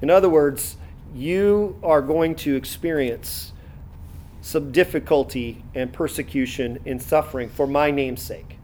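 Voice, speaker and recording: A man preaching a sermon in a conversational way, reading scripture aloud and pausing to comment, with many fillers and restarts. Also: on the high side, a little mellow, a little hiss or hum. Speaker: pastor.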